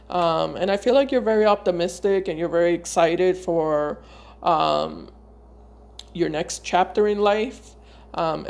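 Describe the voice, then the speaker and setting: A woman giving a casual tarot reading to her viewers. She talks in a loose, searching way, often pausing and repeating words before going on. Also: fairly low pitch, darkish tone. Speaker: tarot reader.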